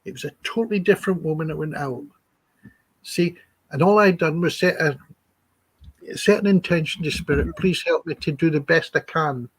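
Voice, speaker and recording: Man, husky, fairly high voice, chatty anecdotal storyteller, acts out quotes, dry close sound. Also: normal speed, dry recording. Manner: chatty, acts out quoted dialogue, chuckles between stories. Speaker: psychic healer guest.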